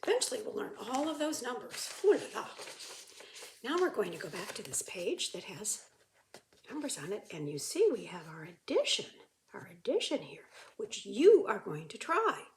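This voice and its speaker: A woman teaching a beginner French lesson, drilling words slowly for listeners to repeat. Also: mid-range voice, big pitch swings, a little hiss or hum. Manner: drills words slowly for repetition, with bright exclamations. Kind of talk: slow, lively beginner language lesson.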